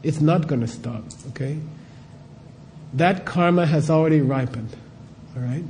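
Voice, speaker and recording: Unhurried and easygoing, a middle-aged male spiritual teacher talks in a mellow, slightly high voice, tossing out rhetorical questions as he goes. There's a bit of background noise.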